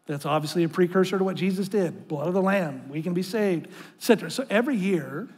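High-voiced male pastor in a reverberant hall. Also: quick pace, a little mellow, husky. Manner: conversational, earnest preaching with frequent restarts; calls the congregation to read aloud with him. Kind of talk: sermon. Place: church sanctuary. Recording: long reverb of a large hall.

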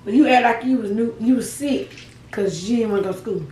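A woman's voice: a little high, fairly quick, mellow, echoey room, far from the mic, a little hiss or hum, rough recording. A young woman vlogging to camera while eating, chatting to viewers in a folksy, laughing way with asides like "child" and "baby". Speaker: mukbang vlogger.

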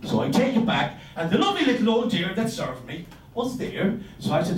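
A man doing stand-up, telling a story in an animated, swearing, exaggerated way. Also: high-pitched, normal speed, slight background noise. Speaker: stand-up comedian. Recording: roomy sound from a distant mic.

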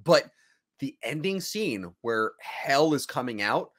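A man co-hosting a casual movie chat, enthusiastic, often acting out quick quotes of how characters think. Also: medium pitch, big pitch swings, fairly bright tone. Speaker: podcast co-host.

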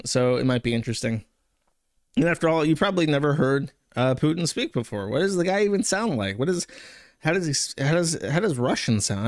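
A man's voice: fairly high pitch, no room sound, clean studio sound. A man giving casual, sarcastic commentary, rambling and crude. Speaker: streamer commentator.

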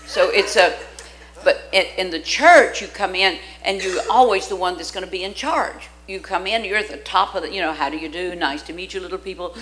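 In a rough recording from a church sanctuary, an older female guest preacher speaks briskly in a low, fairly bright voice. Her sermon is full of lively storytelling, with her acting out quoted voices and laughing frequently.

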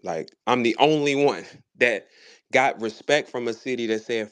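A man's voice: medium pitch, moderate pace, a bit bright, smooth. A man with a St. Louis accent, a battle rapper talking casually in a live audio room, boastful, profane and preachy. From St. Louis, USA.

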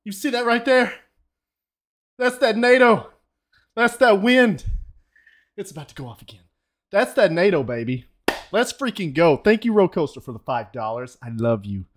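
A man streaming a storm-chasing game live, hyped up, shouting thanks to donors and sometimes out of breath. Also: sits high, big pitch swings, moderate pace, long pauses. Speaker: gaming streamer.

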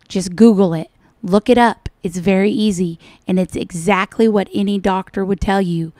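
A woman's voice: mid-range voice, steady tone, moderate pace, dark tone, dry recording. A woman hosting reaction commentary, mocking and scolding in a sarcastic way. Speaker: commentary channel host.

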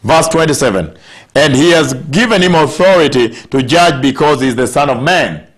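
Man, preacher, sermon, emphatic, stretches key words, fairly high-pitched. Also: lively intonation. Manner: emphatic, slowing down to stress scripture words.

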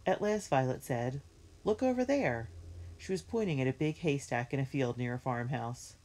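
A woman's voice: a bass voice, expressive, darkish tone. Woman reading a children's story aloud. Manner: clear, measured storytelling. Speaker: reader.

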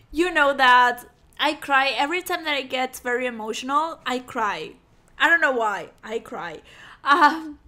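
A woman hosting a music reaction video in casual chat, effusive and excitable, often repeating herself. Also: high voice.

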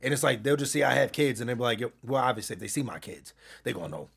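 A man telling a story in casual chat as a streamer being interviewed, swinging from quiet recounting to loud shouting. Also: medium pitch, lively intonation, very fast, gravelly, slightly rough.

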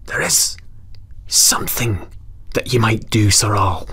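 A man voicing a small, sorrowful grizzled old goblin who pleads in a hushed voice and often whispers. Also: lowish voice, steady tone, measured pace, breathy edge. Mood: whispering.

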